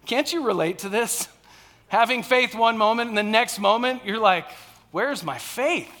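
A man's voice: high voice, normal speed, sharp tone. A man preaching a sermon from a stage, conversational, often checking in with the crowd. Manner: conversational, frequent "all right?" and "okay?" check-ins.

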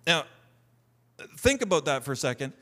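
A man's voice: a little high, very animated, moderate pace, pushed and bright. A man, a pastor, preaching a sermon in a conversational way, reading scripture aloud with rising emphasis and often repeating words as he restarts.

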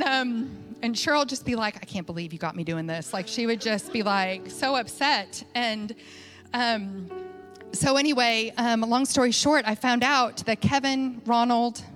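Lady preaching, kinda high voice, chatty storytelling w lots of ums, faint music under it. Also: a bit bright. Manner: chatty, conversational, many fillers and restarts. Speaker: church speaker. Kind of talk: sermon storytelling.

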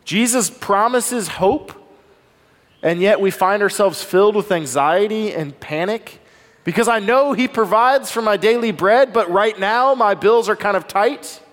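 A man preaching a sermon as pastor, earnest and conversational, often asking his listeners rhetorical questions. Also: sits high. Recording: long reverb of a large hall.

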